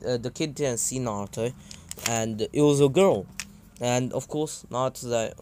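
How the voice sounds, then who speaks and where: A man's voice: mid-range voice, normal speed, a little mellow, a little hiss or hum. A man casually improvising a fan story, rambling with many fillers and asides. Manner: rambling, full of "uh" and "anywho".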